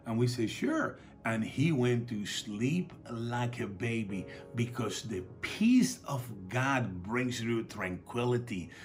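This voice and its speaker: A man preaching a sermon in a relaxed, conversational way, telling stories and acting out the dialogue. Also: medium pitch, slow, few pauses, faint music behind. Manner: calls for audience responses. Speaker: pastor.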